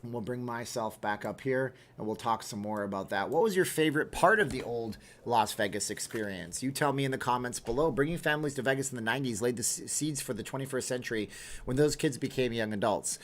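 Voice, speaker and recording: A man in his thirties hosts a relaxed livestream, talking freely and answering viewer questions as they come. His voice sits at an ordinary, middling pitch. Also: a little fast. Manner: talkative, reads viewer comments aloud and answers them. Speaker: livestream host. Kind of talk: casual livestream chat.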